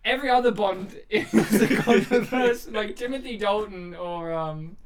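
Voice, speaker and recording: An Australian woman hosting a casual movie podcast, teasing her co-hosts with quick jokes and asides. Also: mid-range voice, a loud crowd. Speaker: podcast host.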